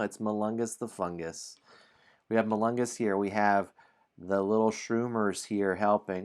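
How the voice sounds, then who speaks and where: Slow, even-paced male game narrator. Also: on the low side, clear, resonant tone. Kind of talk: narrating a solo tabletop game stream.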